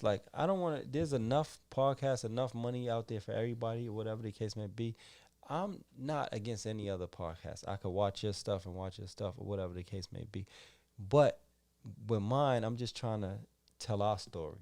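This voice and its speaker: A man from Boston with a lowish voice, talking casually as a podcast host. He rambles through his thoughts and keeps adding "you know what I'm saying". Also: gravelly, darkish tone. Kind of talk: casual interview chat.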